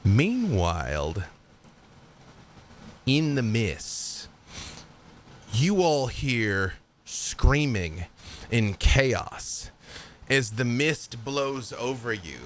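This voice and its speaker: A man's voice: medium pitch, very animated, extremely slow, long pauses, a little hiss or hum. A man narrating a tabletop game as game master in a laid-back way, with fillers.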